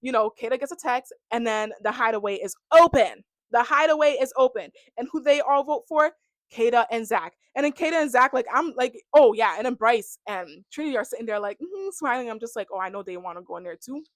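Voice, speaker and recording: A young woman ranting casually about a reality show, full of "like" and animated reactions. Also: on the high side, a little fast, no room sound. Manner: chatty, heavy on "like", animated reactions. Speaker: reality TV recap vlogger. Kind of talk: casual rant to camera.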